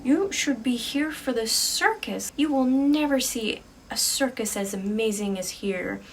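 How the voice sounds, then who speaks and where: An odd, eager carnival ticket clown, as a woman puts him on, pitched a little high and drawn out like a showman. He coaxes and cajoles in a storybook campfire tale. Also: lively intonation, a little slow, distant mic, a little hiss or hum. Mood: coaxing.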